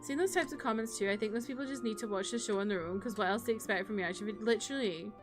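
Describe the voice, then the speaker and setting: A woman's voice: mid-range voice, quick pace, over music. A young woman streamer chatting casually and sarcastically while she plays, ranting with frequent laughs. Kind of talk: casual live-stream chat while gaming.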